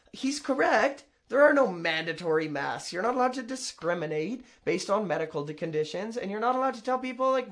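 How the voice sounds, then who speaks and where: A man's voice: sits high, a bit bright. A man commenting casually on a video, rambling and sarcastic, often correcting himself mid-sentence. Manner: rambling, self-interrupting, sarcastic asides.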